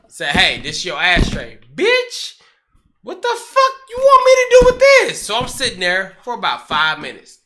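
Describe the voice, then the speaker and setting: A man telling a profane story in casual chat, animated and acting out the voices of people in it. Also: a little high, slight background noise.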